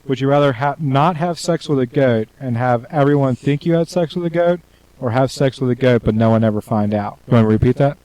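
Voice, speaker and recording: A giggly young man reads out crude party questions on a radio show, laughing often at his own jokes. His voice sits at a middle pitch and sounds close and dry, with no room around it. The talk is loose, joking banter between friends. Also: brisk, warm tone, dry recording, poor audio.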